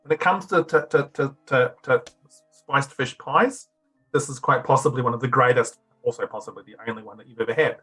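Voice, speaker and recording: Husky-voiced male game master. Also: medium pitch, a little fast, fairly bright tone, soft background music. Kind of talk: narrating a tabletop game.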